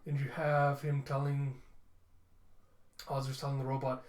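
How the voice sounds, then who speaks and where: A man's voice: medium pitch, monotone, measured pace, darkish tone. A man casually narrating a comic book readthrough, restarting and correcting himself. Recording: roomy echo.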